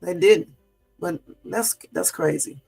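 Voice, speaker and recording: A man's voice: high-pitched, slow, creaky, a little mellow, slightly rough, faint music behind. A man hosting a casual livestream, talking in an indignant, rambling way with many fillers and chatting with his viewers. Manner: chats with and answers live viewers. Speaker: livestream host.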